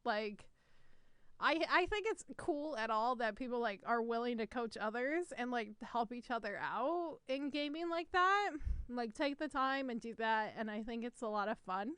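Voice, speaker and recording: Chatty woman with a smooth, dry voice. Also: a little high, expressive, normal speed, a bit bright, no room sound. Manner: chatty, lots of fillers and swearing. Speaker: podcast co-host. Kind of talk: casual podcast chat.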